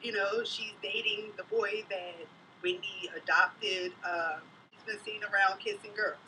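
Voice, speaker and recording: A woman's voice: medium pitch, fairly even intonation, measured pace, pushed and bright, recorded from a distance, slight background noise, rough recording. A mother vlogging in casual chat, gossiping bluntly and telling stories in an outspoken way.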